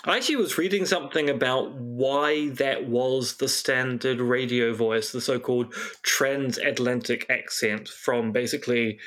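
A man's voice: mid-range voice, unhurried, few pauses, a bit bright. A man co-hosting a podcast in casual chat, making dry, wry asides. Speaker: podcast co-host.

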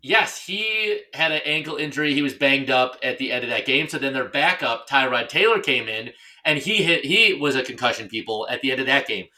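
Bright-voiced man ranting playfully. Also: mid-range voice, animated, fairly quick. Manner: joking, ranting. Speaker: podcast co-host. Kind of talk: casual chat.

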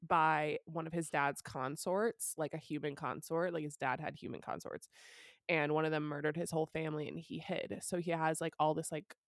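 A young woman with a low voice talks through a story in loose, rambling podcast chat, leaning on "like" and casual swearing. The sound is dry and close. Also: steady tone, moderate pace, dry recording. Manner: chatty, peppered with "like" and casual swearing. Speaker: podcast co-host. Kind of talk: casual book recap chat.

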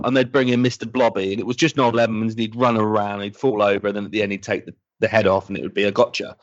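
Male podcast host, animated and jokey, lo-fi dry recording. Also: lowish voice, fast talker, hardly any pauses, no echo. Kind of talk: casual podcast chat.

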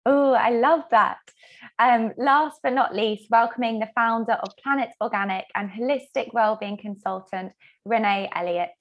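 A woman's voice: fairly high pitch, moderate pace. Woman moderating an online panel.

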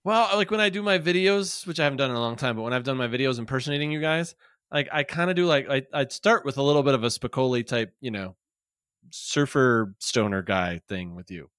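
A man's voice: mid-range voice, a little fast, a bit bright, clear, resonant tone, no echo, studio quality. A man co-hosting a comedy podcast, teasing his friends with wisecracks. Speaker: podcast co-host. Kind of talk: casual comedic podcast banter.

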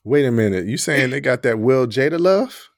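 Another clean, echo-free studio clip has a male co-host chatting on a podcast at normal speed in a mid-range voice. He's lively, gestures as he talks, and often breaks into laughter.

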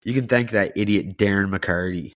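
A low-voiced man co-hosting a podcast, ribbing his friends with crude jokes and a steady stream of swearing. His voice sounds dry and close to the mic, with no room sound around it. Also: normal speed, no room sound. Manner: crude, teasing banter with heavy swearing. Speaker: podcast co-host. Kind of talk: casual chat.

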